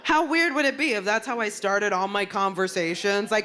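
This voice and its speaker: A woman comedian doing a stand-up set, brash and animated, landing blunt punchlines. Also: medium pitch, moderate pace. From Puerto Rican heritage. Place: comedy stage before a crowd. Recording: live club with loud audience laughter and noise.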